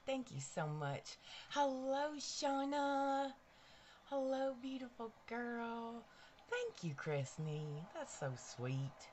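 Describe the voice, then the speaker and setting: A woman's voice: deep voice, slight background noise. A woman hosting a casual live stream from her bedroom, chatty and bubbly, greeting viewers by name. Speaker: livestream host. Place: bedroom at home.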